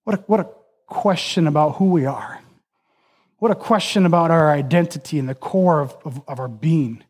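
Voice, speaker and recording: A man's voice: fairly high pitch, fairly quick, darkish tone. A man preaching a sermon in an earnest, emphatic way.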